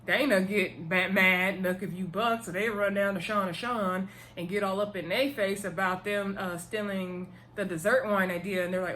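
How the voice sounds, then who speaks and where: A woman giving a casual, animated recap of a TV episode, full of slang and playful asides. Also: medium pitch, normal speed, hardly any pauses, a little hiss or hum. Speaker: TV episode reviewer.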